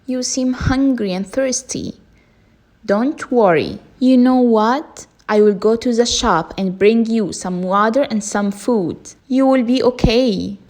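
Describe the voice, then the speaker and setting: A woman's voice: fairly high pitch, slow, a little mellow. A woman voicing a kind little boy in a children's storybook, speaking reassuringly. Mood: caring.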